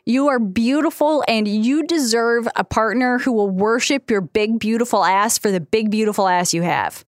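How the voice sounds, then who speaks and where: A woman's voice: on the high side, moderate pace, no echo, studio quality. A woman co-hosting a podcast, chatting casually and frankly, swearing and laughing often. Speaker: podcast co-host. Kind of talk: casual chat.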